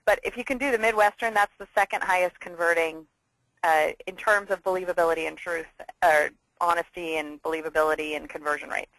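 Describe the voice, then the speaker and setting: A woman hosting a casual business interview, enthusiastic and talking in quick bursts. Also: lowish voice, steady tone, fairly bright tone, no echo, rough recording. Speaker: interview host.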